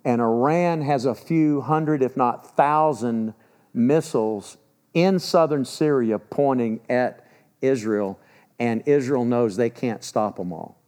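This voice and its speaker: A man in his sixties preaching a sermon, emphatic, swinging between loud urgency and low, grave warnings. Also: slow pace. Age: 60s.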